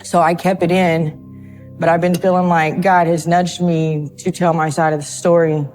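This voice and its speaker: A nervous woman speaks in a slightly low voice during a documentary interview. Her speech is halting and hesitant, and she often stops to repeat words. Faint music plays underneath. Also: flat delivery, a little mellow. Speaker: interviewee in a true crime documentary. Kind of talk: emotional interview testimony.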